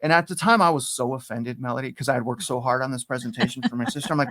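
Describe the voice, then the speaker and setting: A middle-aged man telling his story as a podcast guest, animated and repeating himself, jumping up in pitch when he acts out quotes. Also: racing, dry recording, clean studio sound. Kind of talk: casual interview storytelling.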